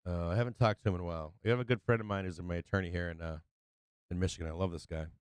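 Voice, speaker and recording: A man's voice: sits low, fairly even intonation, racing, clean tone, dry recording. A man hosting a live stream who tells stories in a loose, rambling, profane way, restarting sentences and laughing as he goes. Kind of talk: casual rambling storytelling.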